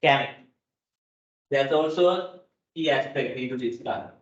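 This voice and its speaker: This accounting lecture comes from a Sri Lankan man with a mid-range voice and measured pace, who repeats the main points and keeps asking "right?". It's recorded from afar in a lecture hall, sounding dull and echoey.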